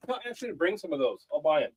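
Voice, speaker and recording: A man's voice: on the high side, big pitch swings, very fast, slightly rough, dry recording. A man chiming in from the side of a livestream with dry, blunt remarks. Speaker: host's partner off to the side.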